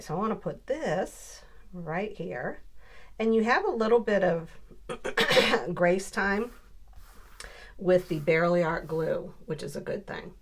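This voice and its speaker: A woman hosting a casual crafting tutorial, chatting upbeat with viewers as she works. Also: fairly low pitch. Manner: chatty, upbeat, talks to viewers while working. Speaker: crafting video host.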